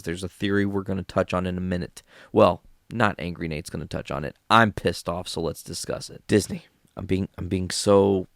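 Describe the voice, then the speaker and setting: Gravelly, profane podcast man. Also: low-pitched, no echo, clean studio sound. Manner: blunt, profane ranting. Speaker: podcast host. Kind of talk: solo podcast commentary.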